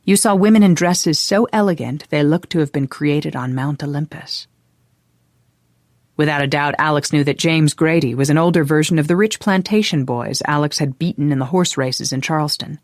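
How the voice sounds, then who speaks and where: An audiobook narrator reading a historical romance in an even, unhurried way. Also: mid-range voice, no room sound, studio quality. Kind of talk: scripted narration.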